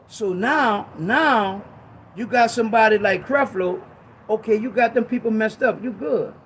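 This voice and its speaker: A man in impassioned, preachy talk on a ministry show, emphatic and repetitive, with casual slang, at times rising to shouts. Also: high voice, unhurried, slight background noise. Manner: conversational street slang.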